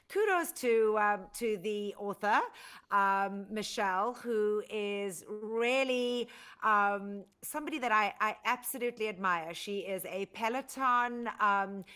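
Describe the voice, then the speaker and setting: A woman's voice: medium pitch, a bit bright. Chatty upbeat woman cohost, lots of ums, easygoing news chat. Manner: chatty, upbeat, filler-heavy. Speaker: podcast co-host.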